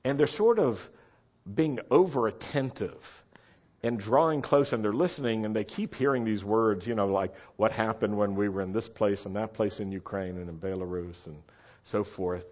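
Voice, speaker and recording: Middle-aged man, low-pitched and chatty, storytelling with a casual, animated delivery. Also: normal speed. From United States. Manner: animated, chatty, asks listeners to follow along. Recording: dull lo-fi recording.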